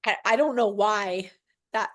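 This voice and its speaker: A woman's voice: medium pitch, unhurried, fairly bright tone. A woman in her forties, a podcast guest, telling a personal story in casual chat, emotional and gushing, acting out what others said. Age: 40s.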